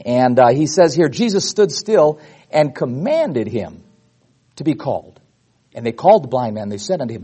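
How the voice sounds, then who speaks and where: A man's voice: mid-range voice, normal speed, breathy edge. A man preaching a Bible teaching sermon to his congregation, acting out the voices of people in the stories. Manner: animated, acts out voices in the stories.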